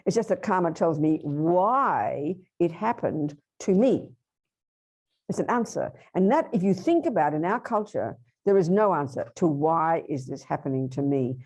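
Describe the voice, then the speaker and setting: Woman Buddhist teacher, low mellow voice, animated workshop delivery, questions to the room. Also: moderate pace. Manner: lively, acts out inner voices and asks the audience questions.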